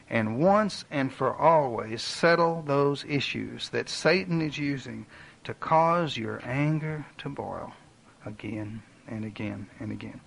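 A man preaching a sermon, earnest and direct, making personal appeals and dropping his voice low for emphasis. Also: creaky, low-quality recording. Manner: earnest preaching with dramatic drops in volume. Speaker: pastor.

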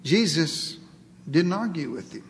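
A man preaching a sermon, dramatically acting out prayers and dialogue, swinging between loud pleas and near-whispers. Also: a little high, animated, a little slow, big-room sound, slight background noise. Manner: dramatic, acts out dialogue with God.

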